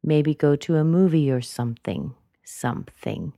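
A woman casually describing her daily routine, pausing often with ums. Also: low-pitched, animated, gravelly, dark tone, no room sound, studio quality. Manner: hesitant, with frequent ums. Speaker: recorded speaker in a sample clip.

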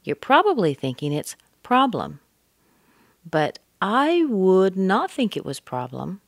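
A woman teaching English pronunciation, speaking deliberately and modeling words with exaggerated stress. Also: mid-range voice, sing-song, no room sound, studio quality. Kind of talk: pronunciation lesson.

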